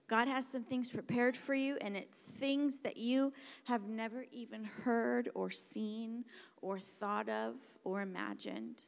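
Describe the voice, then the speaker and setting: A woman preaching a sermon, dramatic and emphatic, dropping to hushed whispers and then rising to loud exclamations. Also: fairly high pitch, slow pace, creaky. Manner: emphatic, repeats words for stress.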